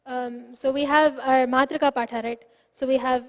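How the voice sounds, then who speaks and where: A woman's voice: sits high, fairly even intonation, normal speed, big-room sound. A woman teaching a phonetics class, patiently explaining step by step and sounding out syllables aloud.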